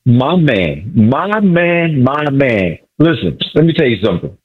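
A caller phoning in to a sports talk show, a man with a husky, lively voice that leaps up and down as he boasts and repeats himself. The line is muffled and dull, like a phone call aired on radio. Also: medium pitch, unhurried. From Miami area. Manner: hyped, boastful, repeats phrases.

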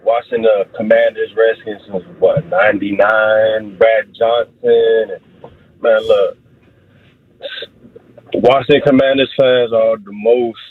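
Male caller, thirties, rambling and frustrated, husky voice on a tinny phone. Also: on the low side, flat delivery, slow, no echo. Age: 30s. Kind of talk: call-in on a phone line. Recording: tinny dry phone line.

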